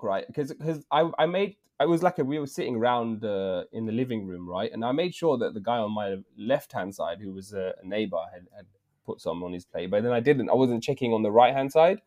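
A man's voice: lowish voice, a little fast. A man with an English accent in his thirties, telling a story in casual podcast chat with lots of slang. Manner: slangy, animated, drops in "bruv" often. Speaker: podcast co-host.

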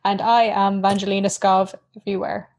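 A woman's voice: medium pitch, flat delivery, fairly quick, a little mellow. A young woman co-hosting a podcast, chatting casually in a giggly, rambling, self-mocking way, wired on coffee. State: caffeinated. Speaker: podcast co-host. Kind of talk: casual chat.

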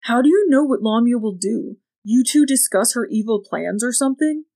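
A woman voicing a brash teenage boy, a loyal best friend who talks loud and sneers. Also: a little high, normal speed, pitched above the performer's own voice, close to an everyday voice. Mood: angry.

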